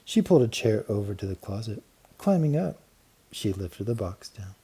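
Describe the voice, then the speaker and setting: A man narrating a children's storybook with steady, clear storytelling and lively emphasis. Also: lowish voice, moderate pace. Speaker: audiobook narrator. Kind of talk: storybook reading.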